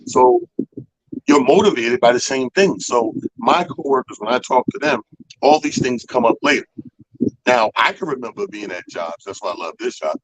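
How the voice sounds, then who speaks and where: Man, radio host, husky voice, lively swinging pitch, dry close sound. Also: moderate pace, no echo, low-quality recording. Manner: animated storyteller, acts out people's quotes, profane. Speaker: comedy show organizer. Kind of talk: casual storytelling chat.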